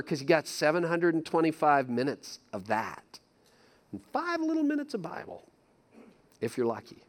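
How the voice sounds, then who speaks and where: A man's voice: a little high, sing-song, a little slow, long pauses. Emphatic male pastor, conversational sermon. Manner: conversational, emphatic, repeats key phrases.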